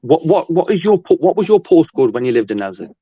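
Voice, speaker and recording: A man's voice: on the high side, big pitch swings, fast talker, warm tone, breathy edge, no room sound. A man hosting a livestream, mocking and needling a caller with questions. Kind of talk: casual livestream argument. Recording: dry, dull lo-fi stream audio.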